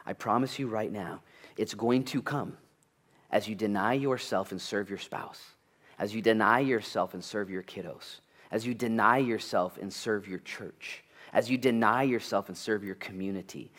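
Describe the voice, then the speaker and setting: Male pastor, lowish voice, chatty sermon with jokes and loud bursts. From United States. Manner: animated and conversational, with jokes, asides and sudden loud bursts.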